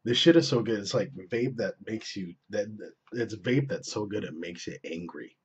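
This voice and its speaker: A young man with a deep, very husky voice rambles through a casual vape gear review, swearing freely and breaking off mid-sentence. The audio is dull and lo-fi, like a basic camera mic. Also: lively intonation, normal speed. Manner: rambling, profane, self-interrupting. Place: indoors at home.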